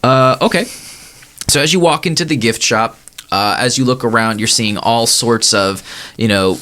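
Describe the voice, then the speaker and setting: A man's voice: medium pitch, moderate pace, sharp tone. Casual man running a tabletop game. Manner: loose, casual, filler-heavy narration. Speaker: game master.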